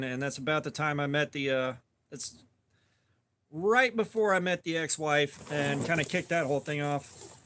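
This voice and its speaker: 40s guy from georgia, neutral american accent, rambly loose chat, kinda high voice. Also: sharp tone. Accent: fairly neutral American. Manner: rambling, loose, hesitant with fillers. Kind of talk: casual chat.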